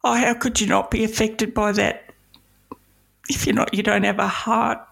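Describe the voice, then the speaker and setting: A woman hosting an interview, asking gentle, conversational questions. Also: mid-range voice, level tone, normal speed, gravelly, husky. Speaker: podcast host. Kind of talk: casual interview.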